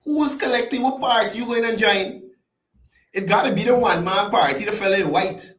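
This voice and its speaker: A man with a high-pitched voice talks at a normal pace, with a reverberant quality to the audio. Hosting a laid-back commentary show in call-in style, he greets viewers by name, chatty and animated with rising and falling pitch.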